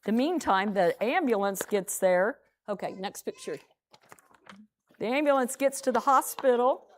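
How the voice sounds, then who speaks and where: A woman telling a picture story to children at a church program, animated and repeating words as she goes. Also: a little high, measured pace.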